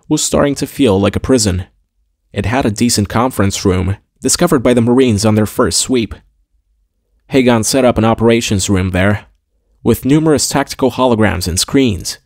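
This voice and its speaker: A man narrating a science-fiction audiobook in a steady, clear storytelling manner. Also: medium pitch, no echo, clean studio sound. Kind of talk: scripted narration.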